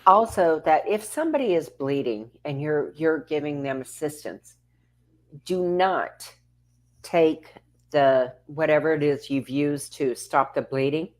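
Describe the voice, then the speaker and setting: A woman with a low, voice co-hosts a relaxed talk show. She chimes in often with short agreements and adds her own practical tips. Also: measured pace. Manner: supportive, frequent affirming interjections. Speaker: co-host. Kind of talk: casual talk show chat.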